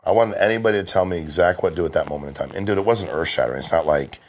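A man in middle age talks quickly in a very low voice. He tells stories on a podcast with plenty of emphasis, often stopping and restarting his sentences as he goes. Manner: fast, emphatic storytelling with frequent restarts. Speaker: guest, insurance sales agent. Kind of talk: casual podcast conversation.

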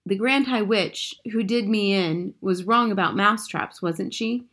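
A woman voicing an eager young boy who has been turned into a mouse, excitedly asking questions in a storybook reading. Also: mid-range voice, unhurried.

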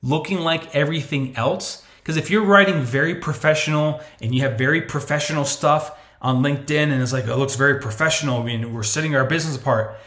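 A man hosting a podcast, giving casual marketing advice and acting out imagined clients in voices. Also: mid-range voice. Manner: animated, chatty, acts out imagined clients in voices. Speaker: podcast host. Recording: echoey room.

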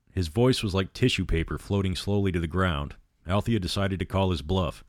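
A man reading a horror novel aloud as a storyteller, with steady, measured narration. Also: low-pitched, dry recording, studio quality.

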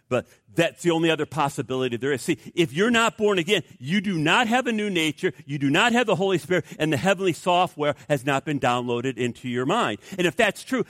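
A man preaching an energetic sermon as a pastor, stammering restarts and acting out the people he quotes. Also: on the high side, no room sound, clean studio sound. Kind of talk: animated sermon.

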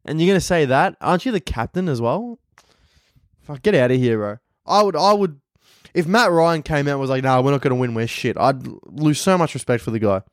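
A man's voice: fairly high pitch, lively intonation, brisk, no echo, studio quality. A man in his twenties with an Australian accent, hosting a casual solo podcast and telling rambling, profane stories. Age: 20s. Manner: profane, rambling storyteller who acts out others' lines. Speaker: podcast host, comedian.

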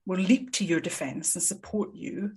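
A woman, a psychologist, explaining her field in a measured, articulate way with frequent ums. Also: on the low side, darkish tone, slightly rough. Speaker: psychologist guest. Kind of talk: conversational expert explanation.

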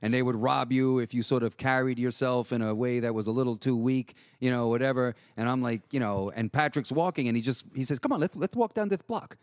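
A man's voice: medium pitch, steady tone, a little fast, few pauses, dry recording. A middle-aged man, telling a rambling street story in casual chat and swearing freely. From Jackson Heights, New York. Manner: profane, rambling, acts out voices.

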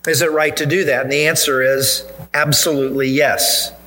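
A man's voice: a little high, level tone, moderate pace, bright, forceful tone, slight background noise, poor audio. A male pastor preaching a sermon in church, earnest and emphatic, driving points home with repetition.

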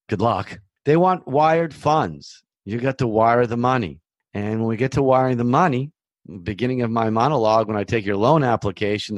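A man's voice: mid-range voice, no room sound. A man hosting a podcast, giving casual, reassuring advice in a chatty monologue that often repeats itself. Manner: chatty, reassuring, repeats himself, conversational asides. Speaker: mortgage loan officer hosting a podcast.

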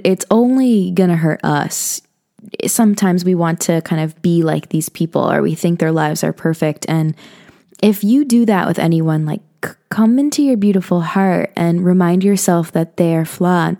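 A woman's voice: on the low side, mellow. A young woman hosting a podcast, talking casually and earnestly about spiritual self-help, with many "you know" and "like" fillers. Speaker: podcast host.

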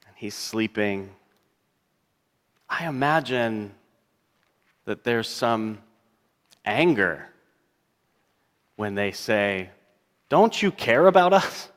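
Male pastor, reflective sermon voice, unhurried delivery, long church reverb. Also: fairly low pitch, a bit bright. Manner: reflective, musing, wondering aloud; reads scripture in a slow, measured cadence.

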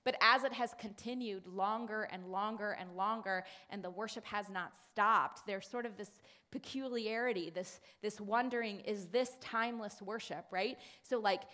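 A woman speaking to a congregation in a sermon-style talk, telling a story with many fillers and quick restarts. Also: medium pitch, pushed and bright. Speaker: church speaker.

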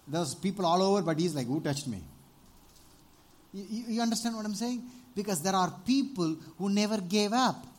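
A man preaching a sermon, animated, often asking the congregation for amens and rising to loud exclamations. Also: high voice. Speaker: pastor.

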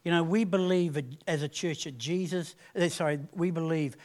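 A man's voice: fairly high pitch, fairly even intonation, normal speed, darkish tone. A man preaching a sermon as pastor, earnest and conversational, with restarts and rising swells of emphasis.

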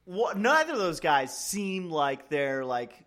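A man's voice: on the high side, big pitch swings, unhurried, fairly bright tone. A man co-hosting a podcast, talking loosely about college football with lots of fillers. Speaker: podcast co-host. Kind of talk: casual sports chat.

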